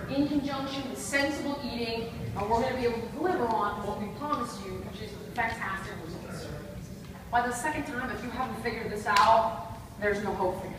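A woman's voice: on the high side, background noise. A woman fitness trainer speaking to a live crowd, blunt and joking as she talks. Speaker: fitness trainer leading a class. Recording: echoey hall from far off with crowd.

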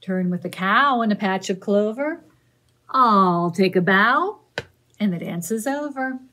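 A woman librarian leading a children's story time, singing rhymes, reading a picture book aloud and making animal sounds in a slow, encouraging sing-song. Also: mid-range voice, animated, sharp tone.

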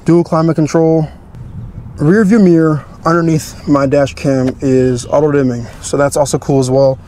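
A man's voice: on the high side, steady tone, moderate pace, mellow, a little hiss or hum. A young man hosting a car channel, giving an easygoing, chatty walkthrough of his car's features.

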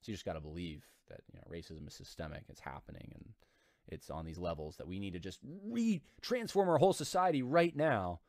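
Animated man critiquing an article. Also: low voice, brisk, no room sound, studio quality. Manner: animated, emphatic, repeats himself. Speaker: commentary channel host.

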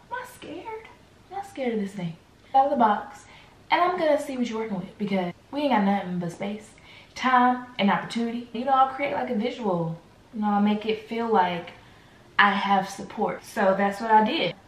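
Woman vlogger, lively storytelling straight to viewers, slight vocal fry, roomy echo. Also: medium pitch. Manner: animated, talks straight to viewers with slangy asides. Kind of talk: casual storytime chat.

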